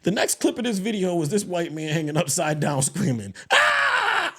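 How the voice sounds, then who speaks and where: Animated, high-voiced man telling a story. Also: a little fast, husky. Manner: animated storytelling, swears freely, swings pitch and loudness. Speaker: podcast co-host. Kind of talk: casual podcast chat.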